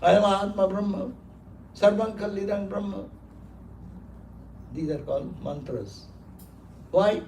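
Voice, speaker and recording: A monk gives a sermon, hammering points home by repeating words and laughing as he tells stories. His voice is high for a man, mellow and gravelly, with a measured pace and long pauses. He sounds distant in a roomy hall, with faint noise underneath.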